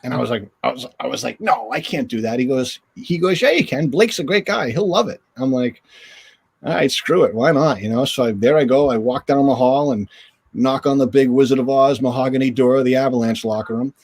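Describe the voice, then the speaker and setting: Brisk and gravelly at medium pitch, this former hockey goalie, a middle-aged man, shares stories during a video call interview. He gets animated and raises his voice to act out quotes.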